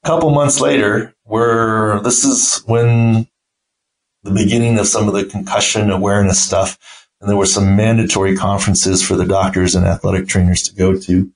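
A man's voice: lowish voice, flat delivery, normal speed, rough recording. A middle-aged man, a podcast host and team doctor, telling an anecdote in a casual way and acting out the quoted voices. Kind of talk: casual storytelling.

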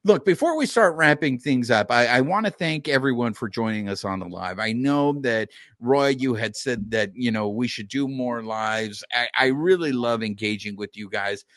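A man hosting a live sports podcast, talking straight to the fans in an animated way. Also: mid-range voice, moderate pace, hardly any pauses, no room sound, clean studio sound. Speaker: podcast host.

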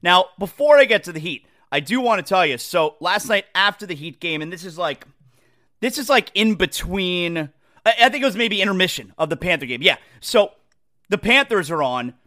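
A man hosting a sports talk show, rambling in an animated, casual monologue and often repeating himself. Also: high voice, normal speed.

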